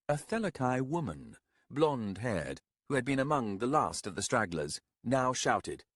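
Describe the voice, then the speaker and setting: A man giving a measured, expressive audiobook narration on a close studio mic. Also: medium pitch, no room sound. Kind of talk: scripted narration.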